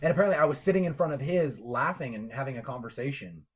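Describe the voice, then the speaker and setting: A young man co-hosting a casual podcast from a room at home, excitable, swearing freely and laughing often. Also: mid-range voice, fast, a crowd in the background. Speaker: podcast co-host. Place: home room, window open. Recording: dull lo-fi home recording.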